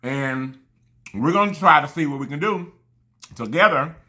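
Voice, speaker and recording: A man's voice: on the high side, expressive, moderate pace, pushed and bright. A man chatting casually to camera while eating, effusive and rambling, thanking his viewers again and again. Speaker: mukbang vlogger.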